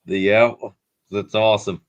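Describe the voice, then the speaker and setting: A man's voice: lowish voice, steady tone, unhurried, smooth, highs cut off. A man appearing as a guest on a live talk show, friendly and easygoing. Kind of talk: casual chat.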